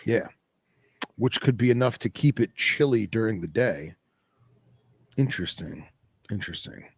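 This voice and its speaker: A man's voice: fairly low pitch, animated, normal speed, breathy edge, no room sound. A man hosting a podcast, talking in a casual, rambling way full of fillers. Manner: rambling, filler-heavy, laid-back. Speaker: podcast host. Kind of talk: casual chat.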